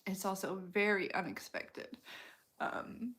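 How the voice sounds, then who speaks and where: A woman giving a casual intuitive reading, talking in a slow, rambling way with many fillers. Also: mid-range voice, a bit bright. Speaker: intuitive reader. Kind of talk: casual spoken tarot-style reading.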